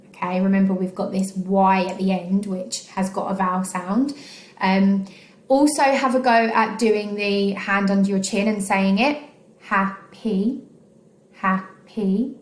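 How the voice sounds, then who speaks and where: An English woman teaches a recorded children's lesson in a patient, encouraging way, dotted with ums and okays. Her voice sits at a middle pitch. The room around her is echoey. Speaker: primary school teacher. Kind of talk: recorded online phonics lesson.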